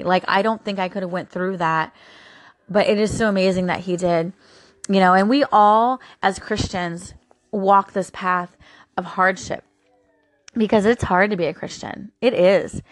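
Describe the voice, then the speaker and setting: A woman's voice: lowish voice, a bit bright, no room sound. A woman hosting a daily encouragement show, talking casually and with open emotion about her faith, with frequent fillers. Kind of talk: casual devotional talk.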